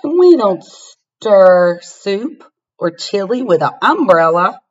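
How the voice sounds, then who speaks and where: A woman reads a picture book aloud to children, slowly and with a voice that leaps up and down. She keeps inviting the young listeners to look and count along. Her voice comes through a laptop webcam, dull and lo-fi. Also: mid-range voice, breathy edge. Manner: animated, asks the listener to find things. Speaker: storybook reader.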